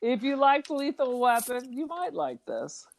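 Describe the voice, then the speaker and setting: Lively, teasing female podcast co-host. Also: high-pitched, unhurried, dry recording. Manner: teasing, joking, sarcastic asides. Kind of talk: casual movie discussion.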